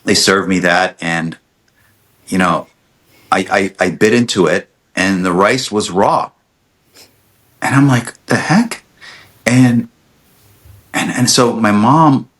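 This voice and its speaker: A middle-aged man with a somewhat low voice tells a story in casual podcast chat. He slips into other people's lines as he goes, and stumbles over restarts along the way. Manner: animated storyteller, acts out quotes, many restarts. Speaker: podcast guest, dentist.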